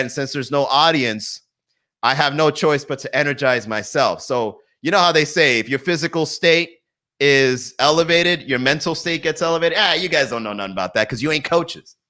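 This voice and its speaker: A young man talks to his live-stream audience from his garage, running on and on in loose riffs. His voice is bright and forward, and he laughs at his own jokes as he goes. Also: medium pitch, moderate pace. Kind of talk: casual live-stream comedy chat. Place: home garage.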